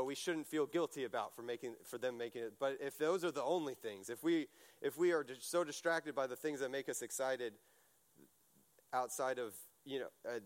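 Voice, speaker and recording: With a medium-pitched, clear, resonant voice, a man gives a relaxed sermon built on stories. He sounds chatty and animated, often using fillers and restarting his sentences.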